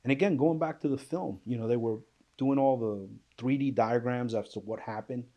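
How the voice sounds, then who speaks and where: Here the middle-aged former police officer talks at a moderate pace in a mellow, mid-range voice. In an interview, he emotionally recounts his own ordeal with vivid, emphatic storytelling, acting out quoted speech and swearing bluntly.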